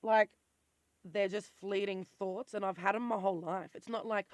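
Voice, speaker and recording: With fairly even intonation, a medium-pitched voice and a moderate pace, an Australian vlogger in their forties gives a blunt, intense, rambling personal monologue, cursing freely. The voice is worn and gets squeaky under agitation; there's no room sound.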